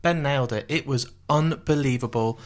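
A man co-hosting a podcast, chatting excitedly about a film and laughing often as he talks. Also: mid-range voice, moderate pace. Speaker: podcast co-host. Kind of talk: casual film review chat.

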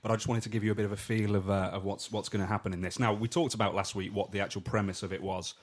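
A man's voice: lowish voice, little pitch movement, rapid-fire. A man co-hosting a comedy podcast, bantering and reading out stage directions. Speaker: podcast host. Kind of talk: casual comedy chat.

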